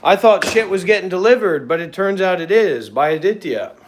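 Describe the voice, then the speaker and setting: A man hosting a meditation livestream, ranting in a profane, scornful way, with drawn-out pauses. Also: high voice, animated, a little hiss or hum. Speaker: meditation channel host. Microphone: livestream setup. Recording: echoey room.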